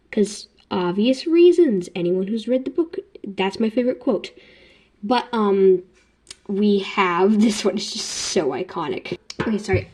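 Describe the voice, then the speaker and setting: A woman's voice: mid-range voice, darkish tone. A young woman vlogger chatting casually about books. She rambles with self-deprecating jokes. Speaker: book vlogger. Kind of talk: casual chat.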